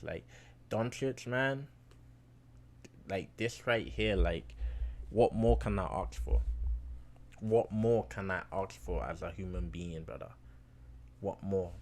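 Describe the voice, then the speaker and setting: A man casually talking fantasy basketball to his viewers in a chatty, slangy way, getting loud and excited over close wins. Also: low-pitched, takes it slowly, pauses often, a little hiss or hum. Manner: chatty, slangy, addresses viewers as bro and guys.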